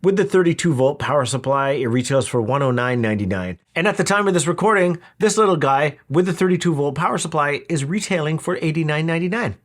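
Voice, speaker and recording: A man's voice: a little high, animated, fast, few pauses, slight background noise. A man talking through a product review in a casual, wry, conversational way. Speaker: audio equipment reviewer.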